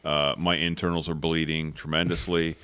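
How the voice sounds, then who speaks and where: Deep-voiced man telling a hunting story. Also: normal speed, clean tone, no room sound. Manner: animated storyteller, swears, acts out others' lines. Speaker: podcast co-host. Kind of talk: casual storytelling chat.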